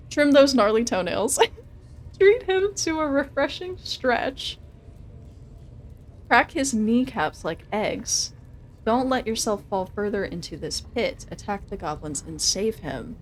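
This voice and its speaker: A woman's voice: medium pitch, slight background noise. A young woman live-streaming a video game, chatting casually, laughing often and reading game options aloud.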